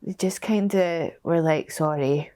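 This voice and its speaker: A young woman telling her story as a bereaved mother, halting and emotional, with many restarts. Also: on the low side, a little mellow. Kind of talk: personal testimony.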